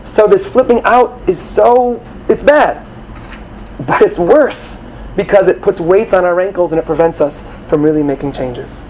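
A man giving an animated sermon to young students, acting out quoted voices and sprinkling in Hebrew terms. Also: high voice, a little slow, slight background noise, low-quality recording. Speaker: rabbi or teacher addressing students.

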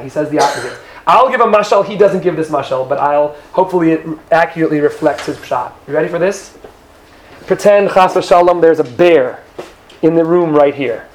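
A man teaching a Torah class to women, lively, acting out quoted speakers and often checking in with his listeners. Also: on the high side.

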